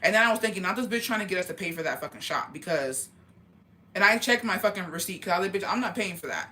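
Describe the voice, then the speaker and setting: Bright-voiced woman spilling heated gossip. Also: medium pitch, lively intonation. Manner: profane, heated, rapid retelling. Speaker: vlogger telling a story. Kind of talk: casual gossip storytelling.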